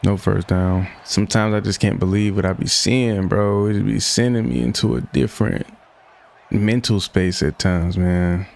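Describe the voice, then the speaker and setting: A man's voice: low-pitched, moderate pace, gravelly, a little mellow. A young man giving casual commentary over a football video game, often frustrated and venting as he plays. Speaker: gaming YouTuber.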